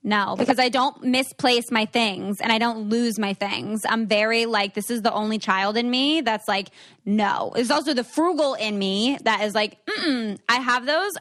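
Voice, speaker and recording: A woman hosting a podcast, telling a story in animated casual chat and laughing often. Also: on the high side, moderate pace. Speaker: podcast host.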